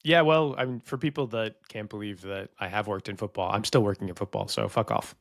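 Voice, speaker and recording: A man's voice: lowish voice, fairly even intonation, brisk, gravelly, no room sound, clean studio sound. An American man co-hosting a podcast, talking frankly in casual chat, swearing now and then and often restarting his sentences. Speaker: podcast co-host.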